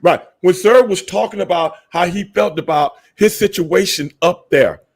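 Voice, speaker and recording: A man's voice: high-pitched, normal speed. A man co-hosting a podcast, arguing his point emphatically with a lot of swearing and repetition. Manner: emphatic, profane, repeats points. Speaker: podcast co-host. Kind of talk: casual podcast debate.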